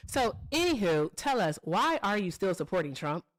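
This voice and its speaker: A woman's voice: mid-range voice, sing-song, normal speed. A woman hosting a live call-in political debate stream, combative and mocking, repeating her points. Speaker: livestream political debate host.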